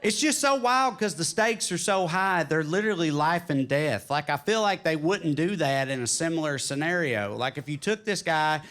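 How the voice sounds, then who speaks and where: A man's voice: on the high side, moderate pace, hardly any pauses. Tennessee-drawl man doing stand-up. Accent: Southern US, Tennessee drawl. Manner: animated, swings into put-on voices and quips. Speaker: stand-up comedian. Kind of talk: stand-up comedy set. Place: comedy club stage with audience.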